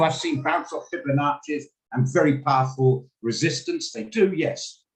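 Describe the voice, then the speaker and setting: A man's voice: medium pitch, poor audio. A man teaching a live online trading class over a video call, chatty and rambling, often laughing as he explains. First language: English. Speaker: trading coach.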